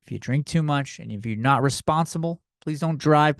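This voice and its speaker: A man's voice: on the high side, moderate pace, dry recording, clean studio sound. A young man hosting a comedy podcast, ranting in a loose, profane, slightly tipsy way and a bit out of breath. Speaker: podcast host. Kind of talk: rambling comedic rant.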